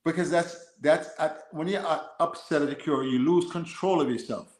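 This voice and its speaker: A man's voice: fairly high pitch, moderate pace, echoey room, poor audio. A Jamaican-born man with an American accent, telling stories in a casual podcast chat, often laughing and mimicking accents. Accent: American with Jamaican traces. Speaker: guest.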